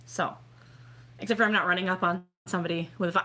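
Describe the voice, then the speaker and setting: A tipsy woman hosting a tarot livestream, rambling and self-deprecating, with bursts of excitement. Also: on the low side, quick pace. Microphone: home webcam livestream.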